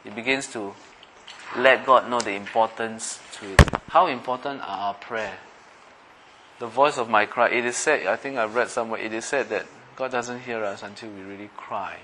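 This middle-aged pastor's voice is lowish and fairly bright, at normal speed, on a low-quality recording with a little hiss or hum. His sermon is conversational: he frequently questions his listeners to check in and acts out everyday voices.

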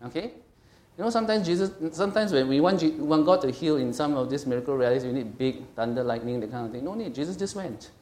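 A man's voice: a little high, fast, a little mellow. A middle-aged man preaching a sermon as a pastor, conversational and emphatic, often checking in with his listeners. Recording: echoey room.

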